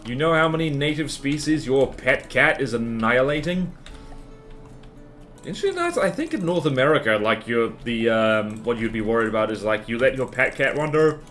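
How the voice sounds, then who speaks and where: A man's voice: mid-range voice, lively intonation, a little fast, a bit bright, soft background music. Playful rambling New guy streaming. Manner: rambling, playful, self-mocking asides. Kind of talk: casual livestream chatter while building in a game.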